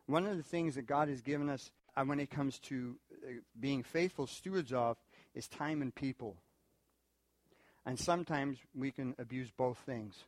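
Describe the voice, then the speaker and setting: A male pastor preaching a sermon in an animated way, with asides and laughs. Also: no room sound. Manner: animated, acts out quoted people in high voices. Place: church in Korea.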